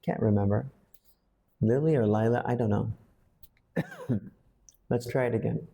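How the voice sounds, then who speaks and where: A man, an English teacher, coaching a student through lines for a school play with slow, patient explanations. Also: medium pitch, vocal fry, dark tone.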